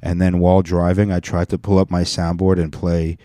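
A man's voice: low-pitched, flat delivery, brisk, mellow, no room sound. A man hosting a podcast, rambling profanely through a comedic rant and slipping into joke accents. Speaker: podcast host.

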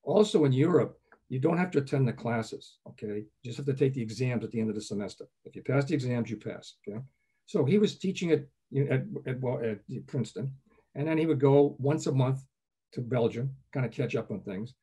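An older man speaks quickly in a mellow, husky voice, and he tells chatty anecdotes as an interview guest. He keeps dropping little "okay?" checks into his talk. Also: mid-range voice, lively intonation. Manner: chatty, anecdotal, frequent "okay?" asides, chuckles often. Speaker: guest, groundwater professor. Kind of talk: relaxed storytelling interview.

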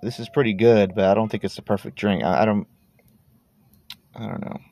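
Laid-back gravelly Texan guy in his thirties. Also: lowish voice, fairly even intonation, fairly quick, warm tone. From Texas. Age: 30s. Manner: laid-back, meandering, swears casually, trails off and repeats words. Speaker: podcast host. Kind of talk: rambling casual monologue. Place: sitting in his parked car.

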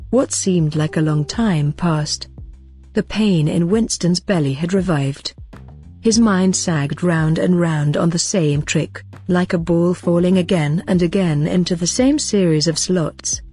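Husky low-voiced woman narrating. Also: dark tone. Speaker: audiobook narrator. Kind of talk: scripted narration.

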